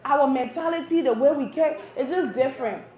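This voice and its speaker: High-voiced Liberian woman doing stand-up. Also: a little fast. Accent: Liberian English. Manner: animated, acts out voices, laughs through lines. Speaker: stand-up comedian. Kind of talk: live stand-up comedy. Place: cafe stage with live audience. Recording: roomy, dull live venue recording.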